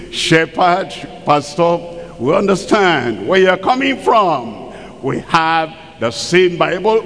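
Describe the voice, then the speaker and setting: A man's voice: sits high, a bit bright. A man preaching a sermon, full of rhetorical questions and acted-out quotes. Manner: emphatic, rhetorical questions, acts out quoted people. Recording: long hall reverb.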